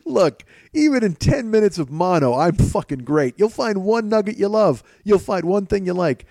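A man talking off the cuff from his kitchen, with a slightly higher-pitched voice that sits mellow and warm. He swears constantly and rambles as he pokes fun at himself, and the sound is dry and close. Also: lively intonation, moderate pace, vocal fry, dry recording. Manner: profane, self-mocking, rambling. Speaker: podcast host. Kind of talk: casual rambling monologue. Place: home kitchen.

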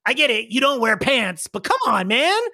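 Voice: mid-range voice, sing-song, moderate pace, sharp tone, pitched above the performer's own voice, full character voice. A game master voicing a laid-back young dude who whines in casual slang about his jacket. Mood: whiny.

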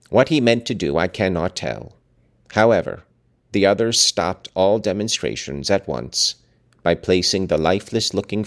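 A man reading a novel aloud, mixing expressive reading with chatty, casual asides. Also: low voice. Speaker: book reader.

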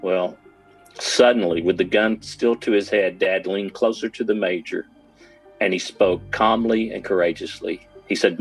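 A man with a very deep, husky voice tells his father's story in a documentary interview. He lingers on each detail with earnest drama and deliberate pauses. Soft music plays faintly beneath him. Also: fairly even intonation, poor audio. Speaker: son recounting his father's war story.

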